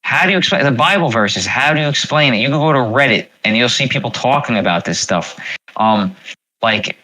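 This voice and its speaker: A man's voice: mid-range voice, expressive, fairly quick, bright, forceful tone, low-quality recording. A man hosting a casual livestream, rambling with many fillers and repeats. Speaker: livestream host.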